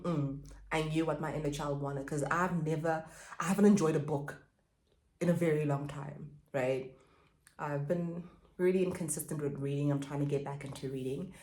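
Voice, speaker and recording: Low-voiced woman in an echoey room. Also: darkish tone. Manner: reflective and repetitive, stresses key phrases. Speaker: pleasure and spirituality coach. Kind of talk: self-help vlog monologue.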